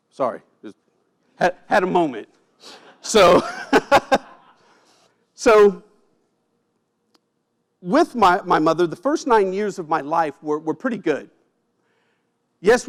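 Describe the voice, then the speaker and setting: A man giving a personal storytelling speech at an event, emotional, with dramatic pauses and quiet drops at heavy moments. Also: sits high. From United States. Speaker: keynote speaker. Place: event stage.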